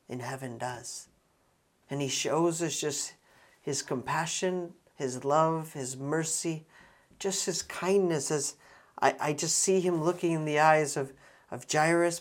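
Preacher, sermon, earnest, slow-paced, emphatic restarts. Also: medium pitch.

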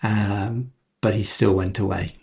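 A man's voice: fairly even intonation, a little slow, gravelly, a little mellow, slightly rough. A man preaching a sermon in a conversational way, dropping into quoted voices as he tells the story. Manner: conversational, acts out quoted voices with pitch jumps.

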